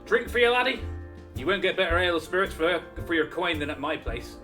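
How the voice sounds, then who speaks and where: A man's voice: a little high, brisk, pushed and bright, soft background music. A man voicing a hearty, blunt male tavern keeper in a clumsy mock Irish brogue, reading game dialogue aloud. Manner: attempted Irish brogue, calls the listener laddie.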